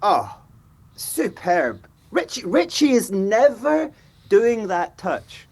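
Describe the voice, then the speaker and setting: A man, talking football on a fan show in an animated way, acting out players' voices. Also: sits high, slow pace, slightly rough. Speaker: fan pundit.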